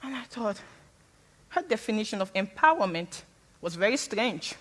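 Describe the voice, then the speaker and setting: A woman from Sierra Leone, not a native English speaker, appears as a guest speaker on stage before a live audience, giving a frank and funny talk as an animated storyteller. Her medium-pitched voice moves at a moderate pace, with big-room sound and slight background noise.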